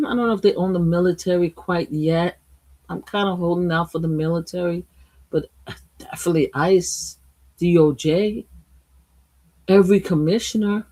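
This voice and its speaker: A woman from Brooklyn hosting a casual political livestream, blunt and profane, swinging between loud outbursts and quiet asides. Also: fairly low pitch. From Brooklyn, USA. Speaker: livestream host. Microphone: streaming mic.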